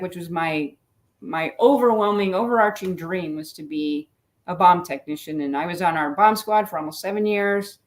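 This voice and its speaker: A middle-aged woman, a retired police lieutenant, telling her story as a guest in a candid, self-deprecating way. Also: mid-range voice. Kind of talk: casual interview talk.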